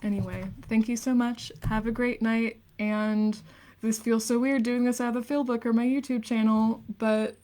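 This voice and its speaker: Twenties woman reading theory on a late stream, soft earnest tone, mellow and kinda flat, hushed little asides. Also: a little high, moderate pace. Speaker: livestreamer reading aloud.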